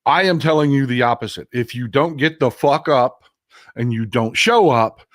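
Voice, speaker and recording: Man, political stream host, swears freely, animated, dry close sound, middle pitch. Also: normal speed, no room sound. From Texas. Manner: profane, animated, talks straight to viewers as folks. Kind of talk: casual political livestream rant.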